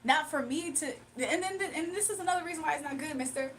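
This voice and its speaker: A woman hosting a casual livestream, talking straight to her viewers and chat, animated and laughing often. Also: high-pitched, quick pace. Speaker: livestream host. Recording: distant mic with faint background noise.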